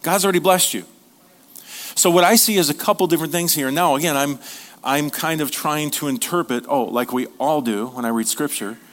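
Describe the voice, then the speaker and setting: A man's voice: on the high side, a little fast, fairly bright tone. Joking, conversational male pastor preaching. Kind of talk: sermon.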